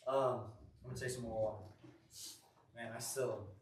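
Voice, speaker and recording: A man's voice: medium pitch, fairly even intonation, moderate pace, slight background noise. A young man leading a youth group sermon in a church room, chatty and rambling with many self-corrections. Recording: echoey room, distant mic.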